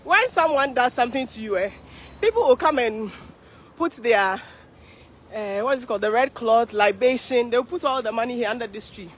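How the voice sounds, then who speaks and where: A woman's voice: a little high, expressive, normal speed, slightly rough. A Ghanaian woman vlogging live while walking along a street parade, tired from the walk, chatty and exclaiming. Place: outdoor city street at a parade.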